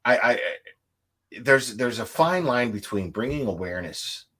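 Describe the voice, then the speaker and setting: A man's voice: medium pitch, animated, a little slow, sharp tone, slightly rough. A man hosting a true crime show, talking bluntly and casually, swearing and repeating himself. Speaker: true crime YouTube host. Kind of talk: casual podcast chat.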